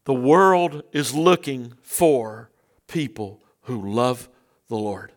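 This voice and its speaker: A male pastor preaching a sermon emphatically, with loud bursts and rhetorical questions to the congregation. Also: mid-range voice, lively intonation, slow pace.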